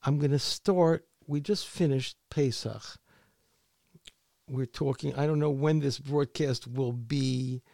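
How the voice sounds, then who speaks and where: Male author, interview guest; unhurried, gravelly, hesitant delivery. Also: medium pitch, mellow, no echo, studio quality. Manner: halting, repeats words often. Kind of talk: conversational interview.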